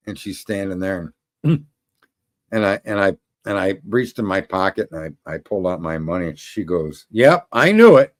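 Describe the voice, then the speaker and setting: A man's voice: deep voice, steady tone, measured pace, pauses often. Rambling, swearing man ranting casually. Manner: rambling, swears a lot, laughs at own jokes. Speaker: show host. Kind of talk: casual rant to viewers.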